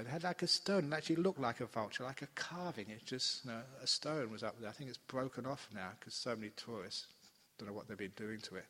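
An older man gives a Buddhist dharma talk, storytelling with playful asides and laughter. His pitch sits at an ordinary male middle. The sound carries a long reverb, as in a large hall. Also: fairly bright tone, husky. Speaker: Buddhist monk teaching a retreat.

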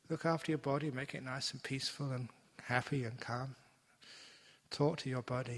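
A man giving a gentle, playful meditation talk as a teacher, slowing down for emphasis. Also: mid-range voice. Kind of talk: dharma talk. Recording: long hall reverb.

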